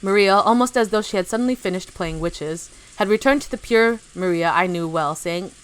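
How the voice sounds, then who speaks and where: A woman's voice: medium pitch, moderate pace, clear, resonant tone. A woman streamer reading a visual novel aloud, giggling, correcting herself, and chatting to viewers between passages.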